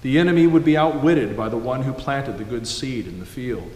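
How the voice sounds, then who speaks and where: A man delivering a sermon in a measured storytelling manner. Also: mid-range voice, a little mellow. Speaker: preacher. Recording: echoey hall, faint background noise.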